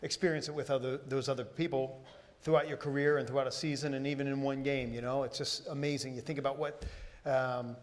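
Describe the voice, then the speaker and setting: A man in his forties, appearing as a guest at a live Q&A on an event stage, answers casually in a mid-range voice. His tone stays level and his pace is a little fast, and he hunts for words with fillers and restarts.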